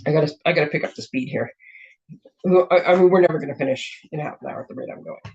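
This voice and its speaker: Craft host, woman, slightly hoarse and throat-clearing, chatty and rambling, dull lo-fi sound. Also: low-pitched, rapid-fire, a little mellow. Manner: chatty, rambling, self-interrupting. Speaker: craft demonstrator and show host. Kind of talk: casual card-making demo. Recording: dull lo-fi recording.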